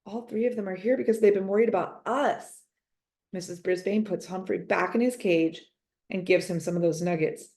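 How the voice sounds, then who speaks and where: A woman's voice: medium pitch, moderate pace. Woman reading a children's story aloud. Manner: gentle expressive first-person reading. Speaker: reader.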